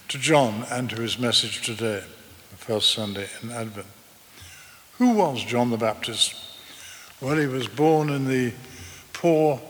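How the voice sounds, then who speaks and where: A man, preaching a sermon in a measured storytelling way. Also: medium pitch, sharp tone, big-room sound. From eastern England. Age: 80s. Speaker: pastor.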